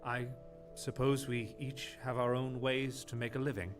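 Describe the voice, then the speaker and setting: A man's voice: medium pitch, little pitch movement, moderate pace, close to an everyday voice. A man voicing a courteous formal archive clerk. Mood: calm, formal. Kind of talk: game voice acting. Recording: game audio from a distance with music.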